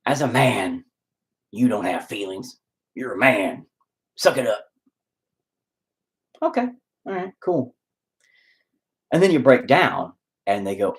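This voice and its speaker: A man delivers an unscripted, profane rant with raw feeling behind it. His pitch moves all over the place, rising in outbursts and dropping into low, muttered asides. He sounds close to tears at moments. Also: sing-song, slow, pauses often. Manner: heated, profane, swings between loud outbursts and low mutters; emotional, close to tears at times.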